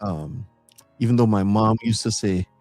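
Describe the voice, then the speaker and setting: A man's voice: on the low side, moderate pace, a little mellow, soft background music. A man from Trinidad co-hosting a casual live-stream chat, easygoing, laughing often and repeating words as he thinks. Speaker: co-host, singer.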